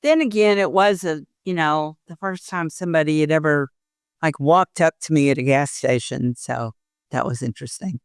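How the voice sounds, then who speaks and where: A woman's voice: deep voice, normal speed, clean tone, no echo, studio quality. An older woman, a podcast guest, chatting casually and acting out the voices in her stories. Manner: animated storyteller, acts out the voices in her stories. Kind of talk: casual interview chat.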